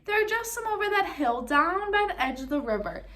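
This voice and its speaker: A woman voicing a sly, smooth-talking male wolf who speaks with oily charm and drops low on his asides. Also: big pitch swings, brisk, bright, forceful tone, heavily acted.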